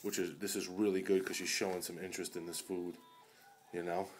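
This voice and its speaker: A man filming at home, talking tenderly and coaxingly to his sick dog in soft baby talk that often drops to a murmur. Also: deep voice, flat delivery, brisk, a little hiss or hum. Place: at home indoors.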